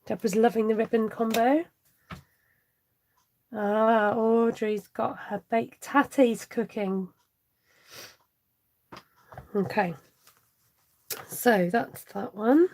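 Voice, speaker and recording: A woman's voice: fairly high pitch, steady tone, slow pace, long pauses, darkish tone, slight background noise. A woman hosting a live craft tutorial, chatty and giggly as she reads out viewer comments. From United Kingdom. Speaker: crafting channel host.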